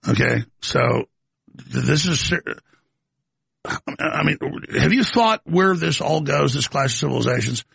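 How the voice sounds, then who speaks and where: A man's voice: on the high side, animated, unhurried, vocal fry, fairly bright tone, slightly rough, no room sound. A male talk show host taking calls, blunt and skeptical with the caller. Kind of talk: call-in radio talk.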